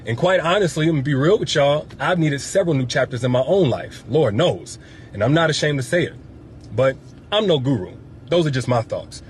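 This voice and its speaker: A man speaking earnestly in a mock-sincere statement that turns into a sales pitch. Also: animated, brisk, a little hiss or hum. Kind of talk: parody sponsored pitch.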